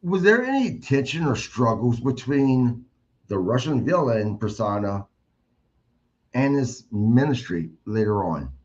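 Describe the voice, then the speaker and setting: A man's voice: mid-range voice, big pitch swings, measured pace, darkish tone. A man hosting a podcast interview, asking questions in an eager, conversational way. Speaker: podcast host. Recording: dull lo-fi audio.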